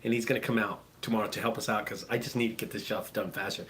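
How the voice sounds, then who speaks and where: A man who runs a junk removal business, talking casually and excitably to his viewers, swearing freely and repeating himself. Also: lowish voice, fast. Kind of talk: casual profane vlog talk.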